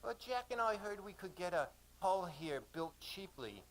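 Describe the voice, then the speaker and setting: A man's voice: high voice, very animated, a little slow, fairly bright tone, voice pushed up, full character voice. A man voicing a weary young Australian woman stranded far from home, speaking with an Australian accent in a resigned, tired way during a live reading in a cafe.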